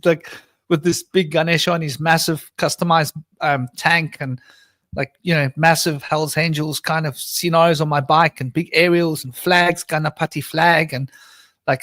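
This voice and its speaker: A man's voice: a little high, a bit bright, dry recording. A man on a live panel telling a long personal story, acting out quoted voices as he goes. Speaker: panel guest.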